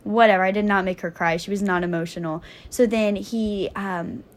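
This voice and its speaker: A young woman guesting on a podcast, telling stories in a blunt, profane, animated way and laughing often. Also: mid-range voice, normal speed, a little hiss or hum. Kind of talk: casual storytelling chat.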